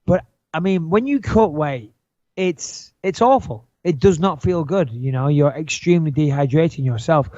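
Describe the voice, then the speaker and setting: A man's voice: a little high, animated, moderate pace, mellow, no room sound, lo-fi sound. A man co-hosting a podcast in casual chat, blunt and joking, swearing freely. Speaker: podcast co-host.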